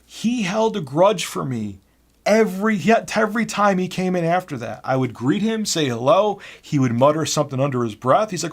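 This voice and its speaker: A man in his thirties casually telling a work story in an animated, exasperated way. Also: high voice, moderate pace. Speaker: YouTuber.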